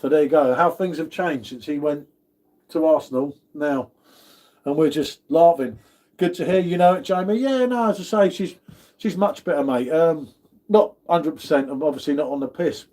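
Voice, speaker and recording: Hosting a relaxed livestream, a British man with a dark-toned voice on the high side talks at normal speed. He reads viewers' comments aloud and greets each person chattily as "mate."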